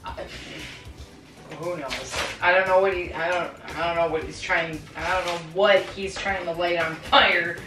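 A woman talks to herself as she cleans her kitchen, rambling and laughing at her own asides. Her voice sits on the low side and comes from a camera across an echoey room. Music plays clearly underneath. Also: steady tone, unhurried, distant mic. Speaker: home cleaning vlogger. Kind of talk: casual chatty self-talk while cleaning. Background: background music.

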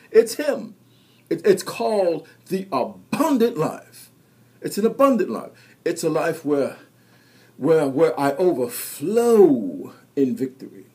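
A man's voice: sits high, a little mellow, breathy edge. A man preaching a sermon, exhorting his listeners and calling them to repeat after him. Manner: exhorting, call-and-response preaching. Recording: radio broadcast.

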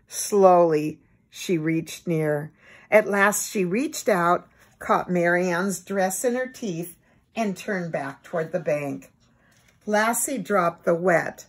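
A woman gently reading a children's book aloud in an expressive bedtime manner. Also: on the low side. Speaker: storybook reader.

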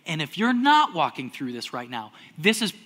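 A man's pastor voice, pitched high and bright, preaching with a lively, conversational sermon style. He swings from loud, acted-out outbursts down to hushed near-whispers. He sounds like a young adult. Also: moderate pace.

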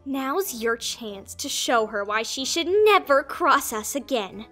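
A woman voice actor reading dramatic script lines with slow, deliberate delivery. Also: sits high, very animated, a bit bright, soft background music.

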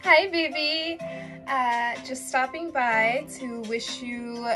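A woman's voice: high voice, slow, loud music behind the voice. A woman recording a casual, affectionate birthday video message for a friend, chatty and slangy.

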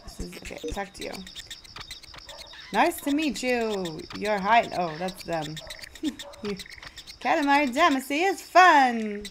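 A woman's voice: mid-range voice, expressive, takes it slowly, pauses often, noisy background. A woman streaming a video game, chatting casually and playfully and poking fun at herself. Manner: playful, self-deprecating, laughs at herself. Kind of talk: casual gameplay commentary.

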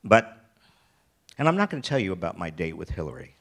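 A man's voice: deep voice, sing-song, a little fast, background noise. An older American man giving a keynote talk, telling personal stories in a rambling way, with many restarts and wry self-deprecating humor. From United States. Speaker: keynote speaker. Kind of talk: storytelling talk. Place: festival stage.

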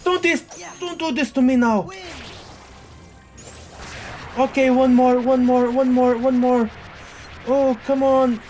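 A man narrates his own gameplay in a drawn-out, unhurried way, though he keeps bursting into exclamations and curses at a tough boss. Faint game music plays underneath his voice. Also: extremely high pitch. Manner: excitable, exclaiming and cursing at a boss fight. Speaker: gaming video host. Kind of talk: live gameplay commentary.

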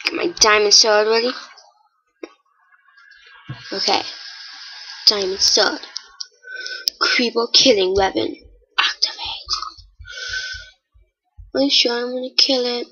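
A woman giving casual, chatty commentary while playing a game, with excitable, startled exclamations. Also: a little high, a little slow, long pauses, dull audio. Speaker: gamer.

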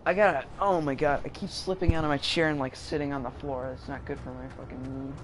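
A young game streamer rambles and jokes about his gameplay, often mocking himself. He talks fast in a steady, medium-pitched voice, with game audio noise behind him.

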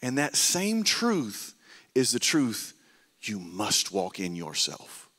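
A male pastor, preaching a sermon and telling stories, swinging between loud bursts and hushed, tender lines. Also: mid-range voice, wildly swooping pitch, slow. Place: church sanctuary. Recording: reverberant church hall.

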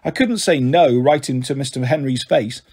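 A man reading a children's novel aloud as a storyteller, gentle and shifting his voice for each character. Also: moderate pace, husky. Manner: gentle, voices the characters with raised and lowered pitch. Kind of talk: audiobook narration of a children's novel.

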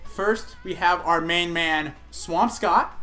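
Young man, game host, high voice, bright tone, jokey, casual group chat. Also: slow, faint music behind. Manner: upbeat, joking, self-mocking.

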